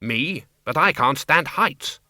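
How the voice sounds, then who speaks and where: A man's voice: fairly high pitch, animated, takes it slowly, bright, forceful tone, no echo, studio quality, heavily acted. A man voicing a grumbling, nervous middle-aged vampire count in an audiobook. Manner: whiny, complaining.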